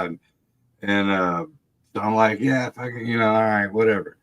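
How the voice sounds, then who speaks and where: A man's voice: fairly low pitch, moderate pace, a bit bright. A man telling a wild family story in casual chat, laughing often, swearing freely and mimicking the people he quotes. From Texas. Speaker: guest storyteller.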